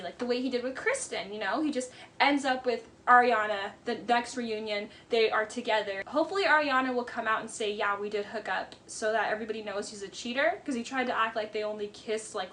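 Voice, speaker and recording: Brief: high-pitched woman, casual reality-TV recap, blunt and chatty, soft noise behind. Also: brisk. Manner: chatty, blunt, says "like" a lot. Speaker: reality TV commentator. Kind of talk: casual commentary.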